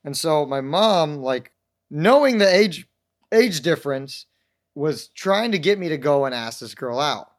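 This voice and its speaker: A man's voice: fairly high pitch, animated, a little slow. A young man telling rambling, self-mocking stories in a casual chat, acting out the voices of people he quotes. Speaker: podcast guest telling stories.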